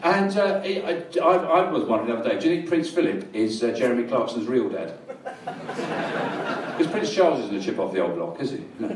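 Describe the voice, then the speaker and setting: A middle-aged man from England doing a live stand-up set, rambling and deadpan, in a small comedy venue. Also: mid-range voice, normal speed, slight background noise. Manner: dry, rambling, deadpan with crowd laughter. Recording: roomy live venue, distant mic.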